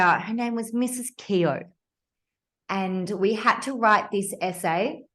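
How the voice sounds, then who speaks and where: An Australian woman in her fifties tells a personal story on a podcast, her pitch swinging up and down as she leans into each point. She sounds blunt and emphatic, with a middle-range voice. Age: 50s. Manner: animated, emphatic, blunt, occasionally swears. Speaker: podcast host.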